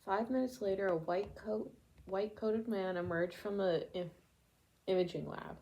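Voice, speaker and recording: A woman reading a memoir aloud chapter by chapter, steady, with occasional stumbles and restarts. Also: mid-range voice, normal speed, muffled recording, slight background noise. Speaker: audiobook reader. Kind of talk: amateur book reading aloud.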